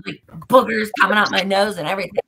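A woman guest on a podcast, casually retelling a story in an animated, profane way. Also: medium pitch, quick pace, vocal fry, noisy background.

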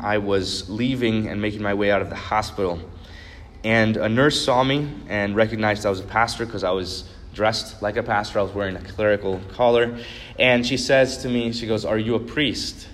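A man preaching a sermon as a pastor, telling a story earnestly and building to emphatic repeated points. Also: fairly low pitch. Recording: long reverb of a large hall.

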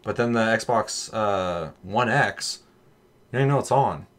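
Man, low voice, casual chat, animated, profane. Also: unhurried. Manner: animated, swears a lot, acts out voices in his stories.

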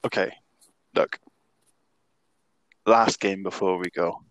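A man in loose, foul-mouthed podcast banter, his voice sitting fairly low. He jokes bluntly and laughs easily. The sound is dry and close to the mic, with no room behind it. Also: steady tone, slow, a bit bright, no echo, poor audio. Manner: swearing, laughing, jokey and blunt. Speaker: podcast co-host.

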